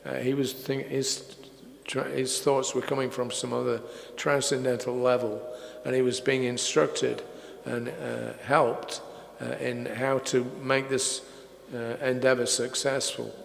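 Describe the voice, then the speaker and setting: An older man giving a religious lecture and answering questions. He tells stories in an unhurried way, with many fillers. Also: medium pitch, little pitch movement, vocal fry. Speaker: speaker at a religious festival. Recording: echoey hall with faint noise.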